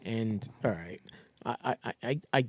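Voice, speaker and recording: A man's voice: fairly low pitch, no room sound, studio quality. A man co-hosting a podcast, telling stories in casual chat and getting worked up about things. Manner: animated storyteller, quick to get worked up. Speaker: podcast co-host.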